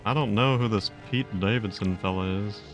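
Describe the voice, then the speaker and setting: A man's voice: on the low side, brisk, soft background music, close to an everyday voice. A man doing a folksy drawling of a stern middle-aged dad, curt and disapproving.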